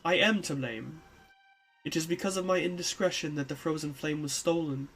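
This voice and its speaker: A streamer voicing a frail, guilt-ridden old male knight in a text game, formal and wavering. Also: mid-range voice. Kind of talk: reading a text game aloud.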